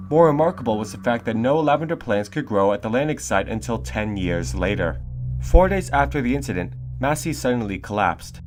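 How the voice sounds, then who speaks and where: A man reading a scripted documentary narration in a steady, measured way. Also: medium pitch.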